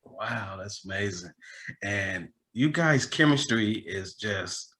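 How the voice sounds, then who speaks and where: Man, podcast co-host, bright tense voice, enthusiastic questions. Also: lowish voice, lively intonation, slow pace. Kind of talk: interview questions.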